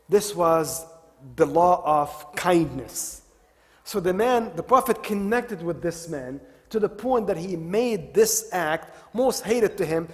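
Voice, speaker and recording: A man with a fairly high voice gives a religious talk, retelling stories and circling back to repeat his main phrases. His words ring out with a long reverb in a large hall. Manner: retells stories, repeats key phrases, mixes in Arabic devotional expressions. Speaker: religious lecturer. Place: Islamic center hall.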